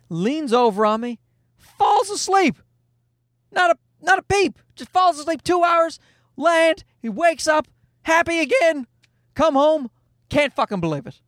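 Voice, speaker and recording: A man's voice: very high-pitched, a bit bright, dry recording, clean studio sound. A man in his thirties hosting a casual solo podcast, telling a story in a profane, self-mocking way. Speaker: podcast host.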